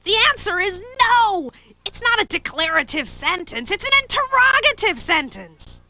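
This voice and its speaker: Woman doing a super high bright little bird kid, cheeky, voice bouncing all over. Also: very animated, normal speed, soft background music, full character voice. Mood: explaining. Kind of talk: 1980s educational video acting.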